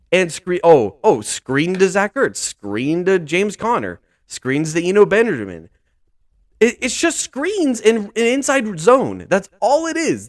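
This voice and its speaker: A man's voice: fairly high pitch, no echo, clean studio sound. Profane, exasperated young man ranting. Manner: profane, exasperated, repeats himself. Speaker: sports podcast host. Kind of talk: ranting football breakdown.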